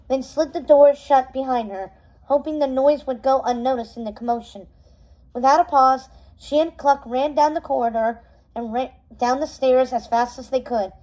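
A woman reading a novel aloud in an expressive, softly dramatic way. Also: high voice, poor audio. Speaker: storybook reader.

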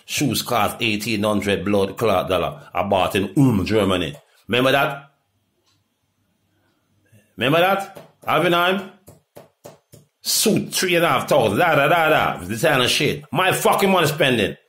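A middle-aged Jamaican man in a rambling, profane monologue that swings from loud outbursts to low mutters. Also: expressive, unhurried, long pauses. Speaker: reggae artist.

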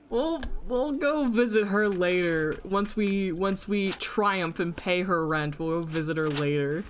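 A woman with a fairly low voice streams a video game, talking a little slowly and with few pauses as she swears at her opponent in exasperation. She addresses her chat throughout this casual live commentary, over slight background noise.

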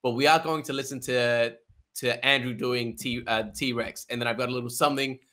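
A man's voice: medium pitch, steady tone, fairly quick, sharp tone. A man hosting a casual, joking video-call chat. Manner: laughing, loose and joking. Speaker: channel host.

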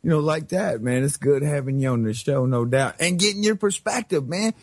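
A middle-aged man hosting a talk radio show, ranting in a slangy, animated way. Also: on the high side, fairly quick, no room sound, studio quality. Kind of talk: heated talk-radio rant.

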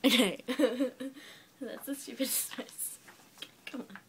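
A woman's voice: high-pitched, slow, fairly bright tone, a little hiss or hum. An Australian woman hosting a casual vlog chat with her brother, teasing and giggly in a blunt way. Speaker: vlogger host.

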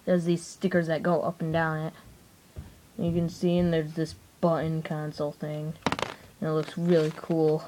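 Low-voiced woman casually reviewing a toy. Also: monotone, moderate pace, a little hiss or hum, poor audio. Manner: rambling, many "so, uh" fillers, trails off quieter.

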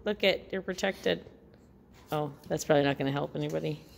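Teasing woman with a gravelly voice. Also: low voice, a little fast. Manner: teasing, giggly asides. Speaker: camera operator and co-host. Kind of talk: casual chatty commentary. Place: echoey metal shop. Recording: roomy shop echo with loud noise.

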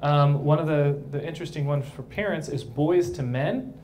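Playful, chatty priest with a light voice. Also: male voice, fairly high pitch, normal speed, a little mellow, slight background noise. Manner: playful, conversational, keeps asking "right?". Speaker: priest speaking at a young adult event. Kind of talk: casual live talk to a crowd. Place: brewery, live audience.

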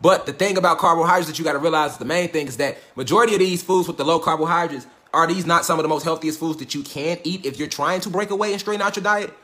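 Brief: fast-talking man, high voice, profane and preachy livestream lecturer, roomy echo. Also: bright, forceful tone. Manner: profane, preachy, street slang, repeats himself. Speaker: livestream host.

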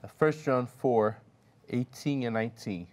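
A man in a Bible study reading two verses aloud, deliberately. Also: medium pitch.

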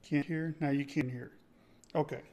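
A man's voice: on the high side, steady tone, moderate pace, a little mellow. Chatty man hosting a live tutorial. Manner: chatty, keeps checking in with chat; enthusiastic, thinks aloud. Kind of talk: casual live-streamed tech tutorial.

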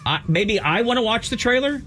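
Fast, teasing radio co-host. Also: male voice, very high voice, expressive, pushed and bright, soft background music. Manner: teasing, quick needling. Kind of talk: morning radio banter.

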